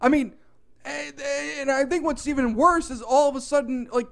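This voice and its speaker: A man narrating a comic storytime in an animated, profane, exaggerated way. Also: very high voice, normal speed, gravelly.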